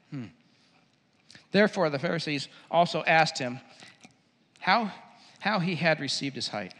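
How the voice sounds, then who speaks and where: A male pastor preaching a sermon, telling a Bible story in an animated way and acting out its scenes. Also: a little high, measured pace, long pauses. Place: church. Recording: echoey hall.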